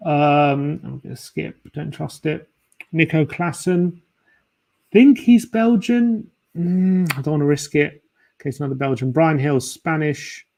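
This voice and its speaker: The host of a fan livestream talks casually while working through a quiz, muttering guesses to himself. His voice runs on the high side yet sounds gravelly and darkish, with fairly even intonation and a slightly slow delivery.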